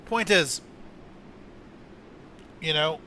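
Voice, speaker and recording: A man's voice: on the high side, extremely slow, pushed and bright, a little hiss or hum. A man streaming a game, chatting casually and rambling through crude jokes with lots of fillers. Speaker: gaming streamer. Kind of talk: casual gaming-stream chat.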